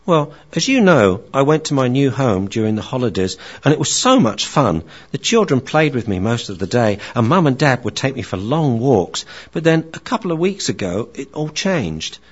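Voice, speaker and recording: A man's voice: sing-song, moderate pace, hardly any pauses, husky, muffled recording. A man doing an anxious, whiny young dog. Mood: worried. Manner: high, breathless, whiny rambling. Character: anxious young dog, lonely and easily excited.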